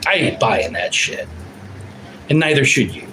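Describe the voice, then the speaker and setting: A man in his fifties ranting on a livestream, loud and profane, answering viewers' comments. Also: medium pitch, animated, fast talker, a little hiss or hum, rough recording. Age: 50s.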